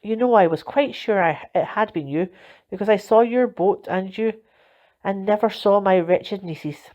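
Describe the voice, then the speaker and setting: In a storybook reading, a woman with a mid-range, natural voice speaks at a measured pace as a mild, apologetic middle-aged uncle, sounding earnest and contrite. The recording is dull and lo-fi.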